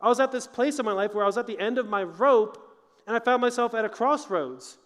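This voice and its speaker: A man's voice: very high voice, brisk, fairly bright tone, big-room sound. A man giving an earnest, conversational chapel talk to college students as a motivational speaker.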